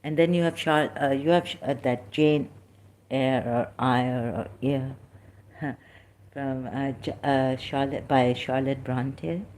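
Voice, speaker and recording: A woman's voice: a bass voice, steady tone, takes it slowly, a little mellow, a little hiss or hum. A middle-aged woman from Pakistan, giving unscripted religious commentary in a rambling, hesitant way, full of fillers and restarts.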